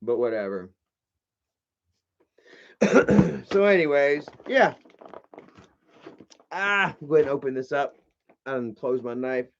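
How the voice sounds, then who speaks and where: A man's voice: mid-range voice, animated, takes it slowly, vocal fry, long pauses. A man hosting a casual livestream, rambling, swearing freely and greeting viewers in the chat. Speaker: livestream host. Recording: muffled lo-fi stream audio.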